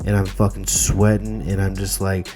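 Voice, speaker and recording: A man's voice: deep voice, monotone, moderate pace, warm tone, a little hiss or hum. A man telling a comic story in a loose, profane, rambling way, full of fillers and restarts. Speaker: podcast host.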